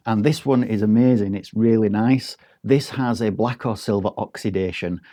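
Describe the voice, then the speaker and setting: A man's voice: lowish voice, normal speed, warm tone. A man giving a casual, rambling product review, with frequent ums and restarts. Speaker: tech reviewer.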